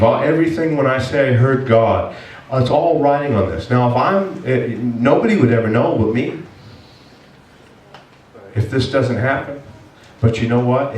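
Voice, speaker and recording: A man's voice: medium pitch, a little mellow, recorded from a distance, slight background noise. A male pastor preaching a sermon, telling a personal story in an earnest, emotional way. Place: church sanctuary. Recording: echoey church heard from afar.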